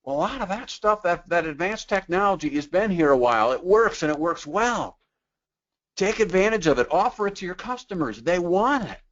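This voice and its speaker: A man's voice: high voice, expressive, brisk, fairly bright tone, highs cut off. A man giving a sales training webinar in a conversational way, tossing out rhetorical questions and acting out customers in quoted voices.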